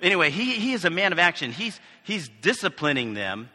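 A man's voice: a little high, sing-song, brisk, sharp tone. A male pastor from the United States preaching a conversational sermon with asides and questions to the congregation. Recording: reverberant hall.

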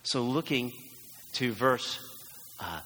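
A man's voice: medium pitch, lively intonation, slow, pushed and bright, a little hiss or hum. A man preaching a sermon as pastor, earnest and emphatic, leaning into repeated phrases. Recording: long church hall reverb.

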